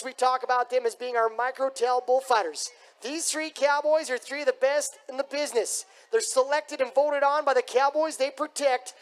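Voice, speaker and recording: A man announcing a live bull riding event in an arena, booming and hyping up the crowd. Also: fairly bright tone, clear, resonant tone. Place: rodeo arena.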